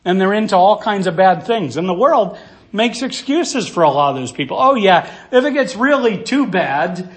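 High-voiced man preaching verse by verse. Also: animated, moderate pace. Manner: earnest, teaching verse by verse; asks rhetorical questions. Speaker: pastor. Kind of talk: expository sermon.

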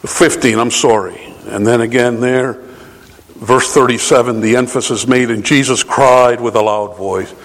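A man preaching a sermon, quoting scripture and driving points home with rhetorical asides, sometimes rising to a shout. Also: medium pitch, fairly even intonation, measured pace. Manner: emphatic, rises to shouts on key points. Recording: long hall reverb.

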